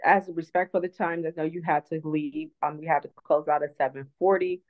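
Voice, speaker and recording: A woman's voice: low voice, fairly even intonation, a little fast. A woman guest speaker, earnest and reflective, telling a personal story in an online talk. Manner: earnest, reflective, many restarts. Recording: tinny phone-line audio.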